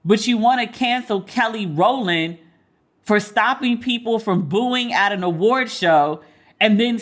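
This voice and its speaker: Woman podcast host, middle-aged, candid solo commentary, blunt and profane, mid-pitched. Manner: blunt, profane, animated storytelling with quoted dialogue.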